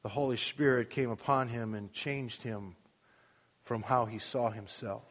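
A pastor's sermon echoes with long hall reverb through a church equipped with a sound booth. He speaks in a mid-range voice at a measured pace, using rhetorical questions and growing emphasis to push his point.

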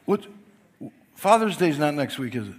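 Older pastor preaching, chatty and warm-pitched. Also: male voice, big pitch swings, moderate pace, slightly rough. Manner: chatty, apologetic, laughs often. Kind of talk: sermon. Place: church.

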